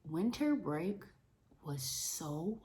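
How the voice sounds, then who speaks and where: A young adult woman chatting casually to the camera in an animated way about her work as a teacher's aide. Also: fairly low pitch, drawn-out words. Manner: animated, talks with her hands. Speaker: vlogger, school paraprofessional. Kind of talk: casual vlog chat to camera.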